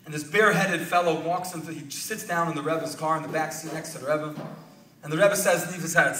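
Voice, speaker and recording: A man's voice: fairly high pitch, fast, bright, forceful tone. A man telling a moving story as the speaker at a dinner, acting out the quoted lines with drama, heard from far off in an echoey hall.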